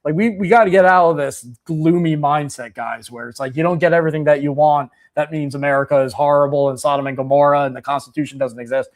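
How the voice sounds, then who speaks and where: A man hosting a podcast, giving rambling, animated commentary full of restarts and fillers. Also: fairly high pitch, quick pace, hardly any pauses. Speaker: podcast host. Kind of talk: casual commentary.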